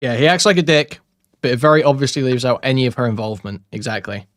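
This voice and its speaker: A man's voice: mid-range voice, lively intonation, fast, fairly bright tone, dry recording. Dry-voiced man reacting casually. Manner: casual, profane, bemused. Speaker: commentary youtuber. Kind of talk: reading and reacting to messages.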